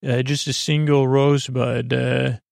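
Wistful showgirl, read by a man; gentle, gravelly. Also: mid-range voice, level tone, measured pace, dry recording, studio quality. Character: wistful young woman stage performer.

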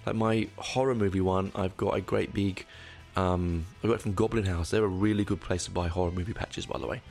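A man's voice: deep voice, steady tone, a little fast, creaky, a little mellow. A middle-aged man hosting a casual solo podcast, rambling and candid, correcting himself often, with dry asides. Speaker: podcast host.

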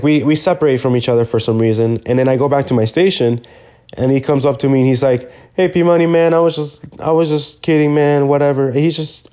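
A man's voice: medium pitch, warm tone, muffled recording. Slangy young man rambling through a story. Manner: rambling, swears freely, loose slangy talk. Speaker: podcast host. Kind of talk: casual solo storytelling.

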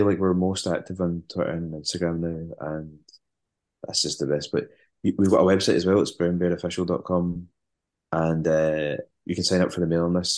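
Deep voiced musician guy chatting on a podcast, lots of likes and ums, keeps restarting. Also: darkish tone. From West African heritage. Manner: hesitant, repeats words, many fillers. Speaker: band musician, guest. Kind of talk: casual interview chat.

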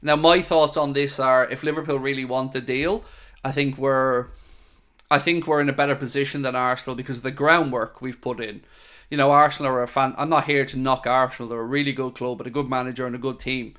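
Taking questions from viewers during a live stream, the Irish host of a football fan channel speaks steadily and a little fast, with a medium, slightly bright voice. He's straightforward and conversational, addressing people as mate.

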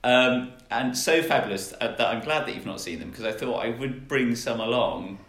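Guy joking around on a podcast, mid pitch, echoey room. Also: normal speed, a crowd in the background. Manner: playful, joking, rambling. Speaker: podcast co-host. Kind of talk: casual chat. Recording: roomy echo.

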